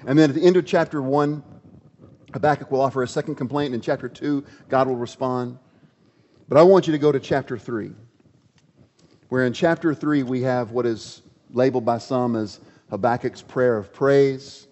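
A man preaching a sermon in a conversational, animated storytelling way, in an echoey, dull-sounding hall. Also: mid-range voice, normal speed. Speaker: pastor.

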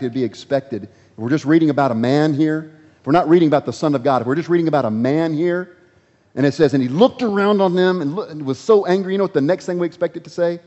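A male pastor preaching a sermon in a dramatic way, his voice rising to emphatic peaks and dropping to near-hushed tones. His voice is of average pitch. The recording is slightly dull, with a long reverb trailing off the walls of a church hall. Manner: dramatic, swinging from loud to hushed.

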